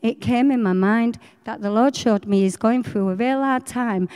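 A middle-aged woman, telling her faith story in a chatty, animated way. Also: a little high, normal speed, clear, resonant tone, in a large hall. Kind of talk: personal faith testimony.

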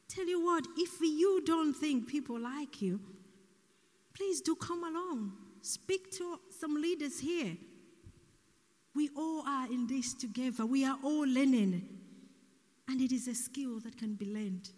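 A soft-spoken woman preaching a sermon, speaking slowly and deliberately and sometimes dropping almost to a whisper, in an echoey church hall. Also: sits high, animated.

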